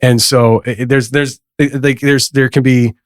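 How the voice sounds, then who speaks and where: A man's voice: medium pitch, flat delivery, measured pace, no echo, clean studio sound. A man hosting a podcast, telling a story in a loose, rambling way with many restarts and frequent laughs. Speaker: podcast host. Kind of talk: casual conversation.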